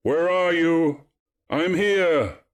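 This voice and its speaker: A man voicing a proud young man who calls out loudly through a forest. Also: on the high side, very slow, voice pushed up. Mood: shouting. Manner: loud calling out, then cold refusal.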